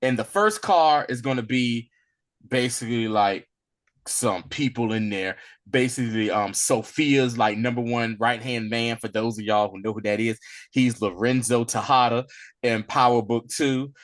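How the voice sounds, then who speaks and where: A man casually retelling a TV episode in loose, slangy speech, animated and acting out bits as he goes. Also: mid-range voice, moderate pace. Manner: animated storyteller, loose and slangy, acts out lines. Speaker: podcast co-host recapping a TV episode. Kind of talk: casual recap chat.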